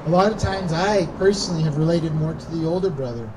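A man's voice: on the high side, fast talker. A man pastor giving a conversational sermon in a church, acting out the lines of the Bible characters as he goes. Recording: distant mic with faint background noise.

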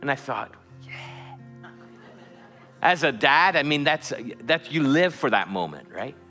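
A man's voice: fairly high pitch, big pitch swings, measured pace, bright, forceful tone, soft background music. A middle-aged man preaching a sermon in a church, telling a story with stammered restarts before building to fervent calls. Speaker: pastor. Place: church sanctuary.

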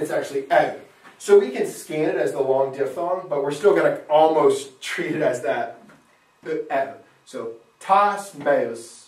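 A man's voice: fairly high pitch, darkish tone. Man teaching Latin in an echoey room. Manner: patient, asks questions and confirms answers. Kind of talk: classroom lesson, scanning verse aloud. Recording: echoey room, mic far off.

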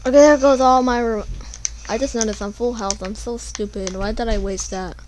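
A young woman giving casual gameplay commentary, panicking and pleading, then yelling at the game. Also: a little high, fairly even intonation, normal speed, a little hiss or hum. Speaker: gamer.

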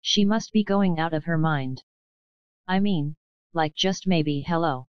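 A woman's voice: sits low, unhurried, clean tone, dry recording, muffled recording. A woman reading an audiobook, voicing an emotional young woman who pleads with her partner. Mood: pleading.

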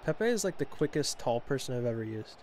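A young man giving casual, chatty commentary while playing a football video game, talking to himself with quick exclamations. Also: mid-range voice, big pitch swings, darkish tone, slight background noise. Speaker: gaming channel host.

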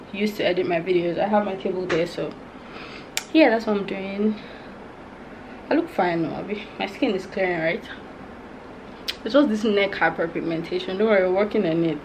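A woman's voice: medium pitch, noisy background. A young Nigerian woman in her twenties chatting casually to her viewers in a home vlog, frank and laughing often. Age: 20s. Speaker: vlogger. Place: her room at home, indoors.

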